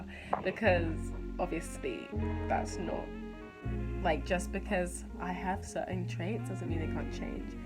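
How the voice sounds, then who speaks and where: A young woman talking casually in a home vlog, relaxed and chatty with lots of fillers. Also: lowish voice. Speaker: vlogger and podcast host. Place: home kitchen and garden. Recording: music playing underneath. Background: music.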